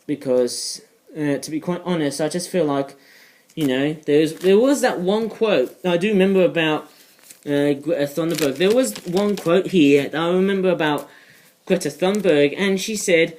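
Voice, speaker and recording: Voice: mid-range voice, normal speed, a little mellow. Rambling toy reviewer, filler-heavy chat. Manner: rambling, digressive, many fillers. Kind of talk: casual toy review vlog.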